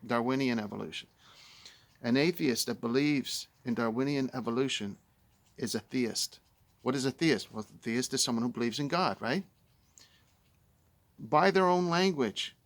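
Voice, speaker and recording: A man's voice: medium pitch, fairly bright tone, dry recording. A man giving a casual spoken book review, conversational with fillers, growing emphatic as he argues.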